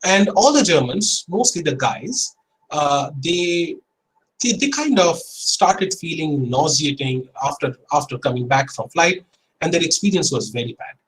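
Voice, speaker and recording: A man's voice: on the high side, very animated, unhurried, a little hiss or hum, low-quality recording. A man, giving a guest lecture in an earnest, conversational storytelling way and often correcting himself mid-sentence. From India. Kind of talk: conversational online lecture, personal anecdote.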